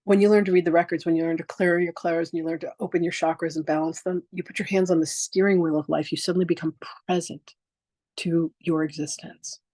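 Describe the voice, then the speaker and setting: A woman in her sixties speaks fairly quickly in a mellow voice on the low side, her intonation fairly even and the sound free of echo. Teaching a live online masterclass on spiritual practice, she tells animated stories, acts out quoted exchanges, and speaks frankly and emphatically, sometimes swearing.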